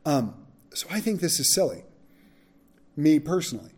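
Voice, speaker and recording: A man's voice: a little high, very animated, normal speed, darkish tone, husky. A man teaching a Bible study, reading verses and adding casual, frank asides.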